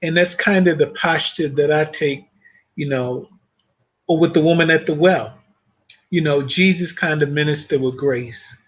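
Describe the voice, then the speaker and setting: A man on a Christian panel, sharing reflections on faith in a thoughtful, measured way. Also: on the high side. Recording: muffled lo-fi audio.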